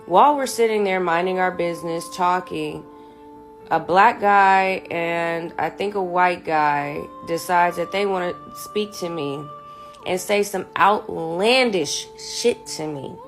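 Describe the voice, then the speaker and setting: A woman's voice: fairly low pitch, takes it slowly, over music. A woman telling a personal story in a blunt, sassy, profane way. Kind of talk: casual storytelling.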